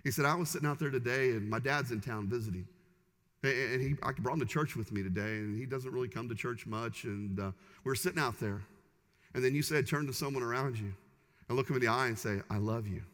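A man's voice: mid-range voice, fast talker, fairly bright tone. A man in his forties, a pastor preaching a sermon in an emphatic, repetitive cadence in a church sanctuary. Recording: long reverb of a large church hall.

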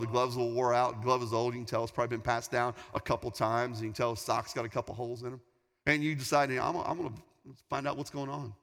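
A man in his forties, a pastor, preaching a sermon with animated, emphatic storytelling. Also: medium pitch. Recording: long hall reverb.

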